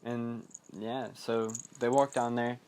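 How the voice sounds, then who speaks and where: A young man rambling through a film recap on his podcast. He talks loosely, with lots of fillers, and keeps slipping into quick mock quotes of the characters. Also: mid-range voice, level tone, a little mellow, clear, resonant tone. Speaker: podcast host.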